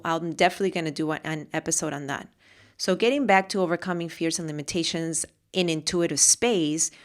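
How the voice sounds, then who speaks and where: Passionate woman giving a motivational talk. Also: lowish voice. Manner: passionate, repeats phrases for emphasis. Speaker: podcast host and mentor.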